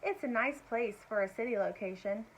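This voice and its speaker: A woman voicing a small, polite hen bird with a soft, musical voice and a lilting manner, reading a storybook aloud. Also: on the high side, normal speed, poor audio. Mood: gentle.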